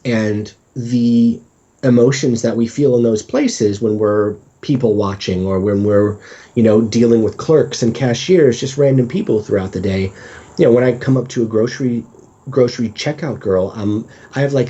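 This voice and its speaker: A man's voice: mid-range voice, normal speed, warm tone, slightly rough. A man guesting on a podcast, talking candidly and with self-deprecating humor, sometimes acting out his own inner voice. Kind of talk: casual conversational interview. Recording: dull lo-fi sound.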